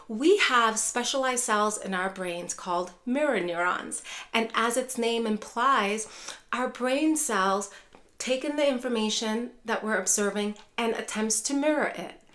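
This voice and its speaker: A woman's voice: fairly high pitch, a bit bright. A woman neuropsychologist teaching dementia caregivers in a direct-to-camera lesson, repeatedly addressing viewers as care partners.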